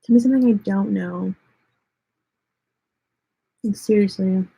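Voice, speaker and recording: A woman's voice: mid-range voice, unhurried, vocal fry, dark tone, slightly rough, rough recording. A young woman with a Texan accent chatting bluntly and sarcastically on a livestream, filling her talk with "like". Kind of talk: casual livestream chat.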